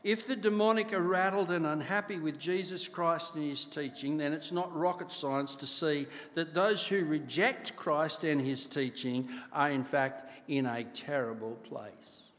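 A man's voice: a little high, measured pace, a bit bright. A man preaching a sermon as pastor, often asking his congregation questions to keep them alert. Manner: quizzes the congregation, rhetorical questions. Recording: long hall reverb.

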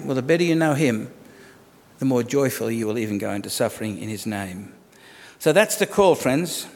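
A man's voice: on the high side, in a large hall. A man, preaching a sermon in a conversational way and asking the congregation rhetorical questions. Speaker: pastor.

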